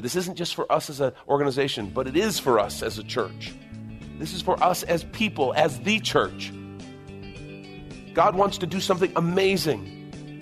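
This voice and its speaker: A middle-aged man, a pastor, preaching a conversational sermon, going from loud emphatic bursts down to hushed, quiet asides. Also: medium pitch, slightly rough.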